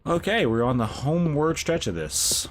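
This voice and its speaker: A man's voice: a little high, big pitch swings, normal speed, a little hiss or hum. A young man live-streaming a game, chatting casually, swearing and saying bro a lot. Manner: laid-back, swears, says bro a lot. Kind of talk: casual gameplay commentary.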